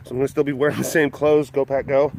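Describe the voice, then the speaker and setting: A man with a medium-pitched, darkish voice hosts his own vlog. Talking casually to camera, he wanders from point to point, cuts himself off to restart, and laughs a lot.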